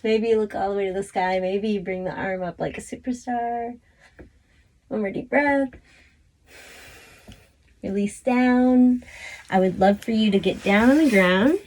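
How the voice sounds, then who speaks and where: Slow easygoing lady leading stretches, soft encouraging cues, recorded close up in a tiny closet. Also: mid-range voice. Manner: calm, encouraging cues with fillers. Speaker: fitness instructor. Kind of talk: guided stretching class. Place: small closet indoors. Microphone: close to camera.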